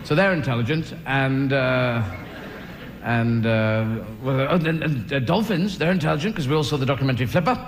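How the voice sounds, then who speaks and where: A man's voice: mid-range voice, normal speed. A male comedian doing live stand-up in a rambling, playful way that keeps interrupting itself. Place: live venue hall. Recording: echoey hall, loud crowd and noise.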